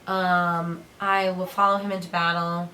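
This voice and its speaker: A woman's voice: on the low side, little pitch movement, pushed and bright. A young woman co-hosting a casual review chat, gushing with enthusiasm. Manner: gushing, enthusiastic, rapid asides. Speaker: co-host of a review show.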